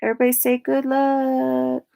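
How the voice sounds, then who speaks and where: A woman's voice: high voice, completely flat delivery, moderate pace, creaky, dark tone. Chatty, cussing woman hosting a livestream. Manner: chatty, profane, reads out viewer comments. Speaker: livestream host. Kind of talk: casual livestream chat.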